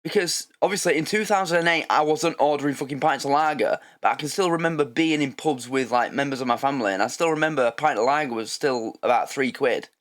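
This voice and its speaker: A man's voice: mid-range voice, fast talker, hardly any pauses, a bit bright. A man hosting a reaction video, rambling in a casual, sweary way.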